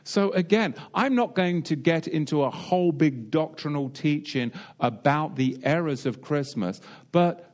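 A man's voice: on the high side, expressive, measured pace, a little mellow. A British man preaching a sermon in a wry, digressive way, full of rhetorical questions and asides. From Britain.

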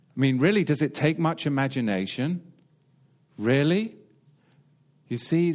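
A British man delivering a sermon in an even, mid-pitched voice. He is wry and rambling, and he pokes at his listeners with rhetorical questions and dry asides. His pitch sits right in the middle of the range for a man. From Britain. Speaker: preacher.

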